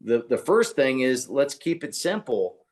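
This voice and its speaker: A man chats on a podcast about his chiropractic work. He gets excited and blunt as he tells clinic stories, at an ordinary mid pitch. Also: a little slow. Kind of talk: casual podcast chat.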